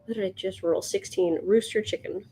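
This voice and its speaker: A woman streaming live as she sketches, chatting to viewers and thinking out loud, yawning now and then. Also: mid-range voice, fairly even intonation, moderate pace, slight background noise. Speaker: livestream sketch artist. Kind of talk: casual livestream chat.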